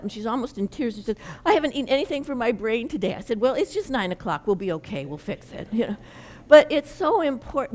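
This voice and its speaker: Lively woman giving a workshop. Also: mid-range voice. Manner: lively, folksy, leads the audience in gestures. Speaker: nutrition educator presenting to parents. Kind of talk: interactive workshop talk.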